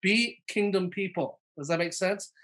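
His voice is high and fairly bright, and he moves a little slowly as he preaches at a live-streamed church service. He acts out quotations, addresses people by name, and tags "okay?" or "all right?" onto nearly every point.

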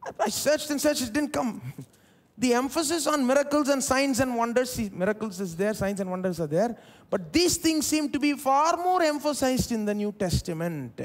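A man preaching a sermon in an Indian English accent, his fairly high voice rising and falling widely. He moves between loud, stressed lines and quiet, dropped asides, recorded during a live church service. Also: expressive, normal speed. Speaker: pastor.

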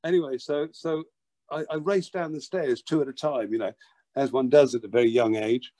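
An older man, telling a childhood story as an interview guest, lively and full of restarts and repeated words. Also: mid-range voice, moderate pace. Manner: animated, repeats words while acting out a story. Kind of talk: anecdotal storytelling.

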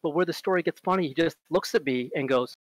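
A man speaking as a conference presenter, chatty and full of fillers. His voice sits a little high and turns animated when he tells stories. The recording is dry and close, with no room sound. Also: fast talker, no echo, rough recording. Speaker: conference speaker on robotics strategy. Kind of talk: casual talk with stories.

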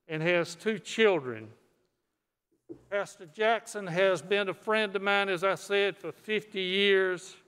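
An older man, a state senator, giving a folksy, unhurried formal speech on the floor of a legislative chamber. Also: high-pitched, a bit bright, smooth. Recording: echoey chamber, long reverb.

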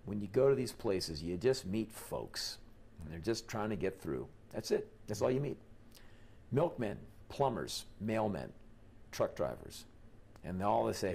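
Gravelly, animated American man. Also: lowish voice, measured pace. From United States. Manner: animated, quoting people in lively voices. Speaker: interview guest. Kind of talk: animated storytelling in an interview.

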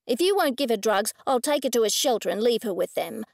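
Snappish woman, overbearing, demanding, audiobook figure read by a woman, high-pitched. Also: expressive, fairly quick, gravelly, a little mellow, no room sound, clean studio sound. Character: rude overbearing middle-aged woman dog owner.

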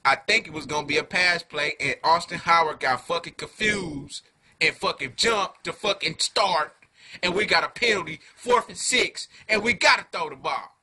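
A man giving a heated fan rant to camera, full of profanity and street slang, dropping low then flaring into loud outbursts. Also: moderate pace. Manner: profane slangy talk, keeps calling listeners "dog"; swings from low muttering to loud angry outbursts. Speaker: fan video reviewer.

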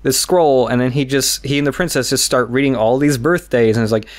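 Talking briskly in a medium-pitched voice, the young co-host tells a meandering story on the podcast, full of laughs and swearing, in an easygoing, chatty way.

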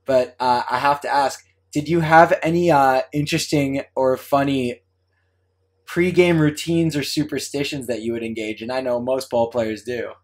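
A man's voice: mid-range voice, fairly even intonation. Podcast host dude, chill and friendly, trips over his words a bit. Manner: friendly, halting with restarts. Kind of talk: casual interview.

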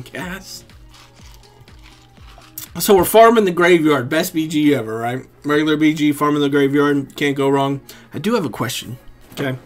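A man giving casual, rambling commentary over his own gameplay, swearing freely and chuckling often. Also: on the high side. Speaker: gaming commentator.

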